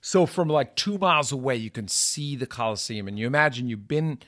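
A man telling a comic travel story on a podcast. His pitch sits mid-range and his delivery is animated and rambling. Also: brisk. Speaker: guest storyteller.

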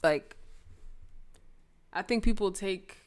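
A woman's voice: medium pitch, takes it slowly, clear, resonant tone. A woman co-hosting a casual chat, blunt and opinionated, swearing casually. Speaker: podcast co-host.

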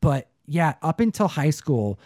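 A young man co-hosting a casual chat, telling stories in an animated way, often slipping into put-on voices and saying "dude" a lot. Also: a little high, unhurried, dry recording, studio quality. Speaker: podcast co-host.

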